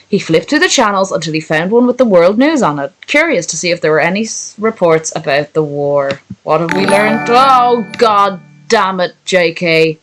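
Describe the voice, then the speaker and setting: A woman's voice: lowish voice, animated, normal speed, soft background music, rough recording. A young woman streaming, reading a story aloud and breaking off into sarcastic, swearing asides to her chat. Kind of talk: live-stream reading and commentary.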